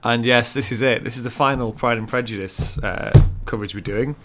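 A man's voice: mid-range voice, fairly even intonation, brisk, pushed and bright, soft background music. Chatty man co-hosting a podcast. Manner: chatty and self-mocking, with frequent laughs and fillers. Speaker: podcast co-host. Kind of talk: casual chat.

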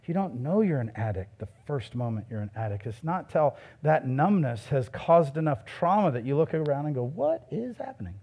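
A middle-aged male pastor preaching a sermon in a conversational way, with loud emphatic peaks and soft asides. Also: mid-range voice.

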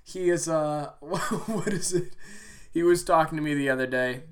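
A man's voice: a little high, normal speed. A man hosting a podcast, telling a rambling story with lots of fillers and swearing. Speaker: podcast host. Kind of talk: casual storytelling monologue.

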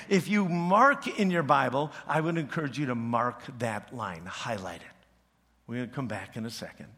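Animated, bright-voiced male pastor. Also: mid-range voice, moderate pace, slightly rough. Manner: animated storytelling, humorous asides. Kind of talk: sermon. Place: church.

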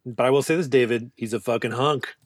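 Man, podcast co-host, casual movie chat, rambling jokes, mid pitch, dry close sound. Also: steady tone, fairly quick, no echo. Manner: joking, rambling, swears freely.

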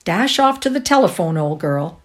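Woman playing a brisk brotherly young man, jaunty, storybook reading. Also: fairly low pitch, very animated. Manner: quick, jaunty.

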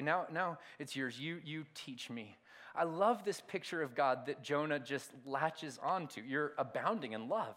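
Fairly high in pitch, a middle-aged man preaching as a pastor tells a story, punctuating it with loud bursts and quiet asides.

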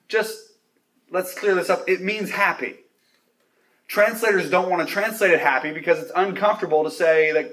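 Animated male preacher, fairly high voice. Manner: animated preaching, speeds up and slows for emphasis, rises to loud exclamations. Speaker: pastor. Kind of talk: sermon.

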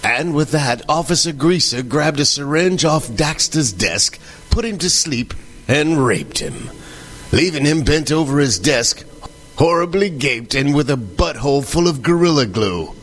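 A man narrating a scripted comedy sketch in a deadpan, matter-of-fact way. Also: on the high side, a little slow.

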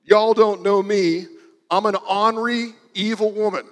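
A man voicing a fuming, ornery neighbor woman who yells threats. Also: high-pitched, fairly even intonation, a little slow, big-room sound, pitched above the performer's own voice. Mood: furious. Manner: yelling threats.

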